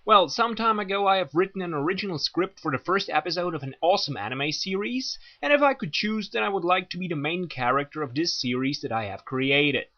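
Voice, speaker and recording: A man's voice: high-pitched, expressive, brisk, few pauses. A man chatting casually to his viewers as an anime reviewer, joking, crude and sarcastic, in a dull lo-fi recording. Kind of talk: casual video chat.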